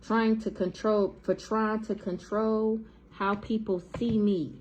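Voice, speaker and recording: A woman's voice: medium pitch, flat delivery, takes it slowly, darkish tone, slight background noise, poor audio. A woman with giving a blunt, profane, heated tarot reading to camera in a casual monologue. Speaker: tarot reader.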